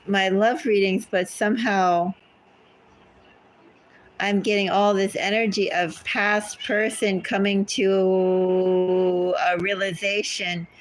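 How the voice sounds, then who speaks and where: A woman's voice: medium pitch, low-quality recording. A woman giving a casual tarot reading at home, chatty and easily sidetracked. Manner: chatty, easily sidetracked, talks to her cats. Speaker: tarot reader. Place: home with cats.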